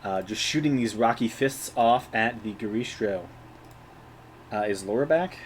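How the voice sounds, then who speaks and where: A man's voice: on the low side, a little slow, slight background noise. A man narrating as game master of an online tabletop game in an easygoing way, thinking aloud between turns. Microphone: home streaming mic.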